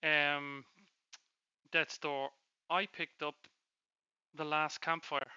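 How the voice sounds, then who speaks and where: Smooth-voiced man on lo-fi mic. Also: fairly high pitch, level tone, sharp tone, dry recording. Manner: teasing, quick to laugh. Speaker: podcast co-host. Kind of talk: casual gaming chat. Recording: dull lo-fi mic.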